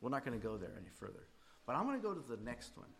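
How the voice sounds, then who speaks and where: A middle-aged man teaching a faith class in a casual, conversational way. His pitch swings widely, climbing high, then dropping low and quiet. He turns to his students with direct questions. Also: sing-song, racing, vocal fry.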